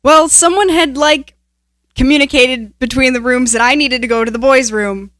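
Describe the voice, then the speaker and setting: A young woman co-hosting a podcast, telling stories in casual chat, animated and laughing often. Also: high-pitched, moderate pace, no echo. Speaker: podcast co-host.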